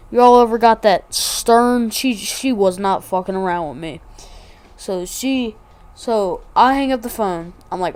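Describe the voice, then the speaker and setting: A woman's voice: mid-range voice, moderate pace, a little mellow. A woman vlogger telling a casual story, rambling and slangy with lots of asides.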